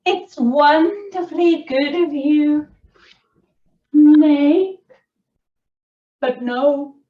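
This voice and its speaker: A woman voicing a small, clever male mouse, in a bright and plucky manner. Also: high-pitched, drawn-out words, distant mic, narrow, tinny audio, pitched above the performer's own voice.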